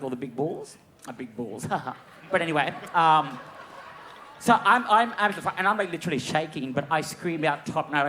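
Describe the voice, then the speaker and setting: A man in his forties, a panel guest on a live comedy quiz show, telling an animated, sweary story with shrieking quoted voices. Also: a little high. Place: live music venue stage.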